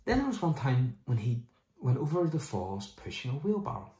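A man's voice: medium pitch, moderate pace. Man preaching in an echoey room. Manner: animated, mimics people in quoted asides. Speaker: pastor. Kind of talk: sermon.

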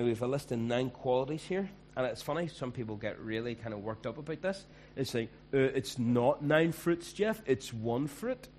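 A man's voice: medium pitch, a little mellow, a little hiss or hum. Conversational male pastor preaching. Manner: conversational, emphatic. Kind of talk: sermon.

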